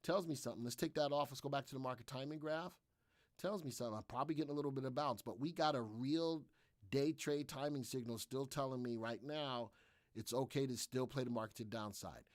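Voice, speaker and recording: A man's voice: mid-range voice, a little fast, dry recording, studio quality. A man hosting a live trading room, talking energetically and repetitively through his trades while answering viewers' questions.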